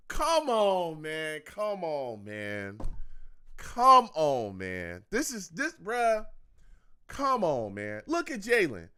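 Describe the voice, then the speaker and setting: A young man hosts a live football reaction stream, frustrated and repetitive, venting at the calls and talking to his chat as a fan show host. His slightly high voice has huge pitch swings, drawn-out words and a sharp, clear, resonant tone. The studio sound is clean with no room sound.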